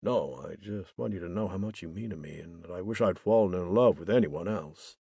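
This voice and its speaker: A man's voice: low-pitched, a little fast, creaky, dark tone, slightly rough, dry recording, studio quality, full character voice. A man voicing a remorseful young man who pleads with his estranged best friend. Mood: pleading. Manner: apologetic, pleading.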